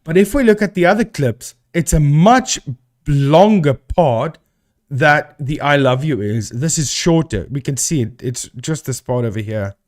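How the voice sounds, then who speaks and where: Chatty animated man streaming live. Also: fairly high pitch, a little slow. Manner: chatty, talks to chat and thinks aloud. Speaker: live-stream host debunking ghost videos. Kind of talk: casual live-stream commentary.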